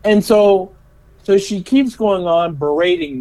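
A man's voice: high voice, unhurried, rough recording. A middle-aged man telling stories in a casual interview, a special education teacher who often repeats his words and laughs as he talks. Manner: animated, laughing storyteller.

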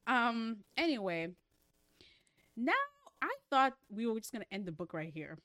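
A woman co-hosting a casual book discussion podcast, animated and laughing often, with playful asides. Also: a little high, fairly quick, no room sound.

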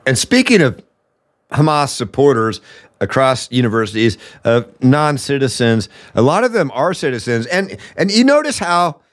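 A man's voice: medium pitch, big pitch swings, moderate pace. A man from the United States hosting a political commentary show, ranting with anger and profanity. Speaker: podcast host.

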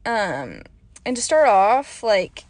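A woman's voice: medium pitch, very animated, takes it slowly, a little mellow, no echo. Chatty, rambling young woman podcaster. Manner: rambling, chatty, full of fillers. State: slightly hoarse. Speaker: podcast host. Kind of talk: casual solo podcast chat.

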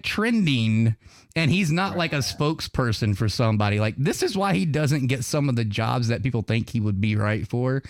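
A Southern man hosts a loose podcast chat, rambling through his thoughts with frequent fillers and quick laughs. His voice sits at a middle pitch. The recording is dry and close, with no room sound. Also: no echo. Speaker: podcast host.

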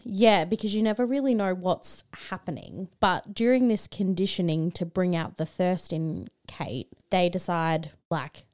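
A woman's voice: lowish voice, measured pace, few pauses. An Australian woman co-hosting a podcast, chatting casually about a film and animatedly acting out quotes from it. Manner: animated retelling, acts out quotes. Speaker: podcast co-host. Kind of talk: casual film-review chat.

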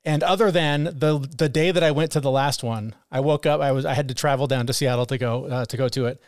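A man's voice: mid-range voice, fast talker, no room sound, clean studio sound. A man co-hosting a podcast, talking candidly and with plenty of swearing about self-criticism, sometimes acting out his own harsh inner voice. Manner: frank and profane, acts out his inner critic. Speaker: podcast co-host. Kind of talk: candid conversational chat.

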